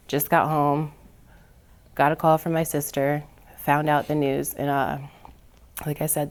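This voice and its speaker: Earnest low-voiced woman telling a story. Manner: earnest, builds from quiet to heated retelling. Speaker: panel guest. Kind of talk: personal story in a panel discussion.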